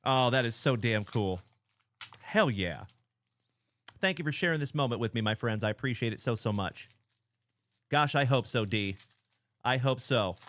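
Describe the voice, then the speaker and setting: A man in his thirties hosting a card-break livestream, chatting casually, excitedly shouting out viewers by name. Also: mid-range voice.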